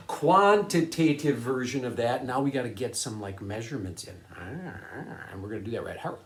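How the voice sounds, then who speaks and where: A man's voice: medium pitch, animated, moderate pace, background noise. Chatty man teaching science in an echoey room. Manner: chatty, upbeat, laughs often, asks students to follow along. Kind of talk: casual classroom video lesson.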